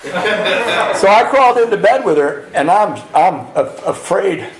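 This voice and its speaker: A man's voice: high voice, animated, a little slow, a crowd in the background. A man speaking at a men's retreat, telling a candid personal recovery story and acting out the lines of the people in it. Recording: roomy echo in a retreat hall.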